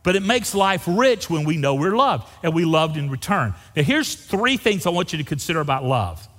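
A middle-aged man, an interim pastor preaching a folksy, animated sermon and joking with the congregation. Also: a little high, moderate pace, big-room sound.

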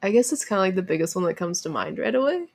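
A woman's voice: medium pitch, big pitch swings, very fast. A young woman with a Midwestern accent, co-hosting a casual podcast in an easygoing way, laughing often and leaning on filler words. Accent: Midwestern American. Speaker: podcast co-host. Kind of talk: casual chat.

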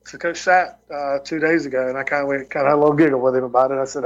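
A man's voice: medium pitch, fairly even intonation, racing, dull audio. A man who coaches college football, telling recruiting stories in a casual podcast interview, with a lot of restarts and repeated words. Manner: rambling storyteller with many restarts. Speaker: football tight end coach and recruiting coordinator.

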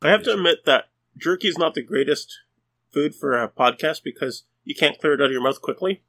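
A man's voice: a little high, expressive, a little fast, fairly bright tone. A man co-hosting a podcast, explaining things in casual chat. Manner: explanatory, informative. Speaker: podcast co-host.

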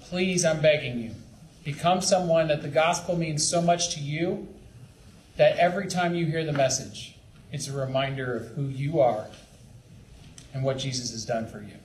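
High-voiced man pleading with camp leaders. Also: normal speed. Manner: earnest, pleading, with acted-out asides. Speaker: youth ministry leader. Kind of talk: training talk to camp leaders. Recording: echoey room with faint background noise.

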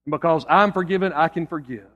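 A pastor preaching a sermon and telling an illustration story in an earnest manner, often dropping low and quiet for emphasis. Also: male voice, fast talker, lo-fi sound.

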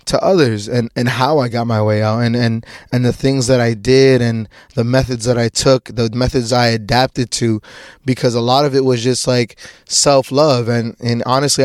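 A young man talks alone in a loose, rambling way, stumbling over restarts and swearing casually as he goes. His pitch sits in an ordinary middle range. The recording is close and dry, with almost no room sound. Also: darkish tone, dry recording. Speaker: podcast host. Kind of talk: casual personal monologue.

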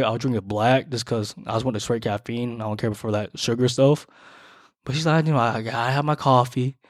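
A man telling a dating story in a casual, animated way, jumping loud and high for emphasis. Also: no room sound, clean studio sound.

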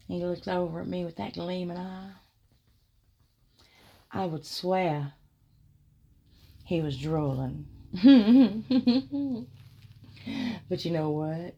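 A woman telling a first-person erotic story, drawing out her words with soft murmurs and frequent giggles. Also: fairly low pitch, creaky, husky.

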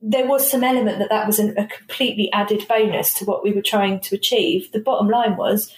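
Animated British woman telling stories. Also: medium pitch, fairly quick. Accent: British English. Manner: animated, laughing storyteller who quotes herself. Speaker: guest, coach company owner. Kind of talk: casual interview chat. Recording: roomy recording with a faint hiss.

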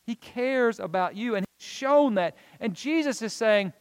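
Pastor guy preaching, high voice, earnest and emphatic, long echo like a big church. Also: lively intonation, unhurried, few pauses, smooth. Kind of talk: sermon.

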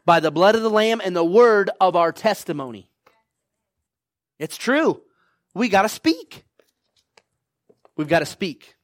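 A man's voice: high voice, lively intonation, measured pace, long pauses, no room sound. A man preaching a sermon to his congregation, exhorting them and asking "right?" and "come on now" over and over. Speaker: pastor.

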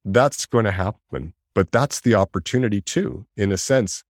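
A man talking in a reflective conversation, animated, acting out inner voices and laughing often. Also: lowish voice, normal speed, no echo, studio quality.

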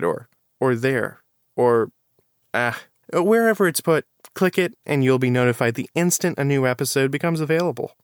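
A man hosting a casual fitness show, teasing the others and laughing often. His pitch sits a little high and swings widely as he talks. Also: dry recording, clean studio sound. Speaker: show host. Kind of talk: casual chat and outro sign-off.

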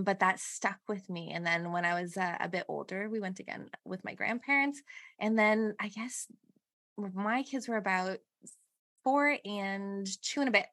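A woman's voice: medium pitch, fairly bright tone. A woman guest on a podcast, chatting casually and telling stories with animation. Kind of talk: casual chat.

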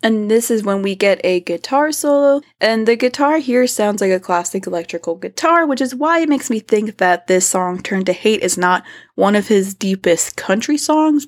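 A woman hosting a casual music review podcast, chatty, now and then singing short bits of melody. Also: medium pitch. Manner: chatty, sings and hums snippets of lyrics. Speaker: podcast host.

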